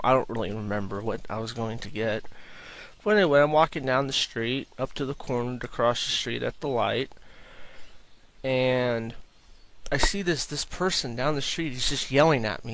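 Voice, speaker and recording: A man's voice: medium pitch, a bit bright. A young man answering viewer questions in a casual, rambling video, often repeating himself and restarting sentences.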